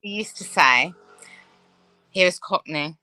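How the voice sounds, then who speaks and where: A woman's voice: lowish voice, animated, takes it slowly, sharp tone, soft background music, low-quality recording. A woman in a casual group discussion, telling chatty anecdotes full of asides.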